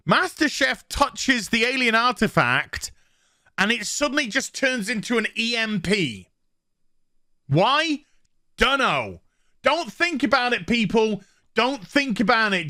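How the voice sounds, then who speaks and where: Man, angry sarcastic rant, swearing, high voice, dry close sound. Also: sharp tone, dry recording. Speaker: YouTube reviewer. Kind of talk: ranting review vlog.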